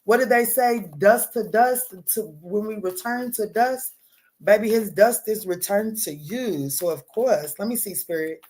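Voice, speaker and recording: A woman giving a live tarot reading, talking straight to her viewers in an animated, emphatic way, using pet names and casual swearing. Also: medium pitch, unhurried, a little hiss or hum. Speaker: tarot reader answering live chat.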